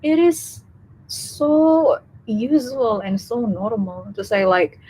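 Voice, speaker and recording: Young woman, Indonesian accent, unhurried delivery, halting with lots of fillers, faint background hiss. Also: medium pitch, very animated, dark tone, rough recording. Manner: hesitant, many fillers and restarts. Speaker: student speaker on a live session. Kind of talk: casual live talk.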